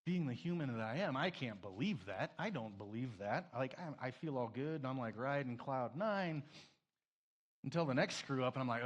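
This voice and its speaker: A man preaching a sermon, emotional, swinging between loud emphasis and a soft hush, tearful at moments. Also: medium pitch, big pitch swings, moderate pace, husky. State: crying. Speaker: pastor.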